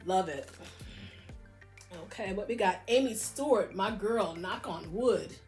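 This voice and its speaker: A woman's voice: medium pitch, unhurried, darkish tone, soft background music. A middle-aged woman casually showing off her vinyl singles, enthusiastic and gushing, now and then singing a line along. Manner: enthusiastic, gushing, breaks into short sung snippets. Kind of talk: casual record show-and-tell.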